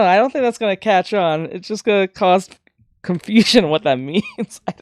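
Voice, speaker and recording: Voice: medium pitch, animated, moderate pace. A streamer chatting casually while reacting to clips and reading chat, rambling and often laughing.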